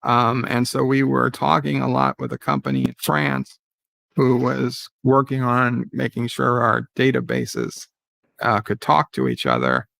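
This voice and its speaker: Gravelly-voiced man hosting a live chat. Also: mid-range voice, a bit bright, no room sound. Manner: rambling, many fillers and restarts. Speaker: livestream host. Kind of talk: casual live-stream chat reading viewer comments.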